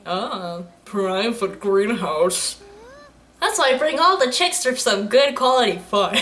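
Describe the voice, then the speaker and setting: A young adult woman who makes anime reaction videos talks in a slightly high, expressive, fairly bright voice at a slow pace. She rambles casually and giggles, frequently laughing and joking at the screen.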